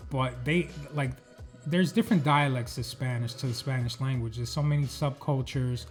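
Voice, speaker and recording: A male podcast host from the United States talks in an easy, mid-pitched voice. He rambles casually, leaning on fillers and letting thoughts trail off. Faint music sits under the recording. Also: moderate pace. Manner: loose, filler-heavy, trails off mid-sentence. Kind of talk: casual chat.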